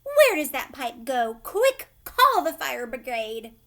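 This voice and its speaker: A woman's voice: very animated, normal speed. A woman putting on a shrieking furious mother. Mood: outraged. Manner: shrill, loud, indignant outbursts.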